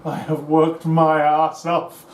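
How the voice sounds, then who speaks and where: A man's voice: a little high, completely flat delivery, takes it slowly, faint music behind. Tired rambling man, echoey room. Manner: tired, rambling, self-mocking. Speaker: tabletop wargame player and co-host. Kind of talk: casual battle-report chat. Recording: echoey room with faint hiss.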